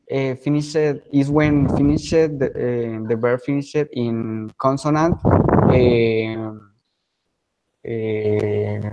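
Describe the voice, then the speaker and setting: A male student with a Colombian accent, speaking very slowly. He hesitates often and fills gaps with ums while he searches for words. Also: medium pitch, rough recording. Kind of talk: classroom answers.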